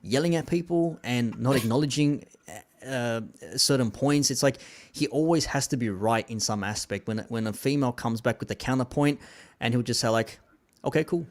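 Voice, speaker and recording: A man's voice: mid-range voice, moderate pace. A man hosting a casual commentary show, reading viewer comments in a laid-back way, dropping "man" and "like" often.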